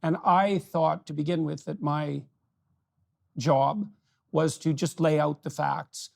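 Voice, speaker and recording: A man's voice: on the high side, steady tone, slow, gravelly. An older man hosting an interview, speaking earnestly and affirming his guest often. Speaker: podcast host. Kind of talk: casual interview conversation.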